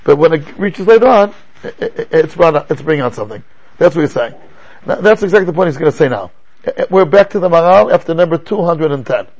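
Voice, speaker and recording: An older man teaching a class as a rabbi, lecturing in an animated way and asking rhetorical questions. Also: on the high side, fast, lo-fi sound.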